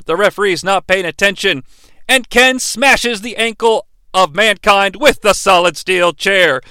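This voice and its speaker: Jokey male podcast host, very animated delivery, clean dry sound. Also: high voice, clear, resonant tone, no room sound. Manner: sarcastic, jokey. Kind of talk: comedic wrestling match recap.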